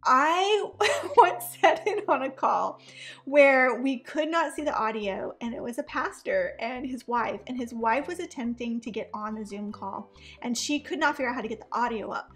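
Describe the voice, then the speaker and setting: A woman's voice: on the high side, moderate pace, a bit bright, faint music behind. A woman in her thirties, a mom chatting animatedly in a casual reaction vlog and laughing often. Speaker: vlogger, mom.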